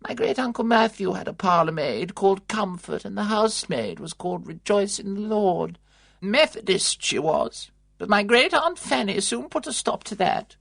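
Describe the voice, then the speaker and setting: A reader voicing a sharp, disapproving elderly aunt, speaking in a tart, imperious, scornful way. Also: medium pitch, lively intonation, moderate pace, creaky, no echo, clean studio sound, voice pushed up.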